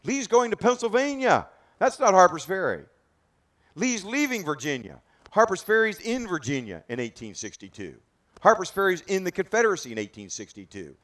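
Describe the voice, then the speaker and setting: Guy guiding a history tour outside, slightly high voice, big dramatic questions to the crowd. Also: sing-song, moderate pace, fairly bright tone. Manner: dramatic, rhetorical questions, emphatic. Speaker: battlefield tour guide. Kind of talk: outdoor history talk to a group.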